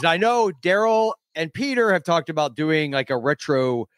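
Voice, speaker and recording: A podcast guest from Central Florida talks over a remote call in a rambling, stammering style, tossing in self-mocking jokes during the casual chat. His voice is a little high, expressive, and a bit bright, at a normal speed and echo-free.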